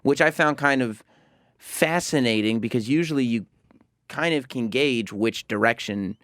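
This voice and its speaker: A man's voice: mid-range voice, moderate pace, a bit bright, no echo. A male radio host speaks into a close studio microphone with a dry sound. He is chatty and builds his questions out at length before he lands them. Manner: chatty, asks long rambling questions. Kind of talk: casual studio interview.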